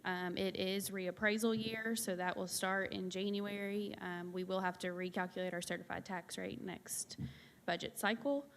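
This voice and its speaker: A woman delivers a finance report to a town board in a flat, even tone, pausing often on ums. Her voice carries a long hall reverb over a faint room hum. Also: medium pitch, vocal fry. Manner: level, matter-of-fact, frequent ums. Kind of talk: staff report at a public meeting. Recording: reverberant meeting hall with light room noise.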